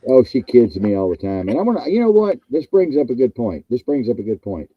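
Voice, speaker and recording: A man's voice: medium pitch, very animated, a little fast, breathy edge, no echo, highs cut off. A man hosting a casual chat, rambling and joking and repeating himself. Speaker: host.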